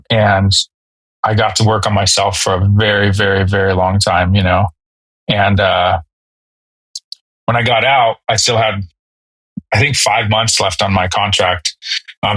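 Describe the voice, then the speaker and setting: A man in his thirties, a podcast guest telling a personal story in a halting, emotional way with many fillers and restarts. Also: on the low side, fairly bright tone, no echo, poor audio. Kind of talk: candid storytelling.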